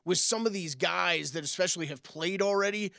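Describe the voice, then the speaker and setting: Quick-quipping female co-host. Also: lowish voice, vocal fry, a bit bright, dry recording. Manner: quick interjecting banter. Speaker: sports betting show co-host. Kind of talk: casual studio chat.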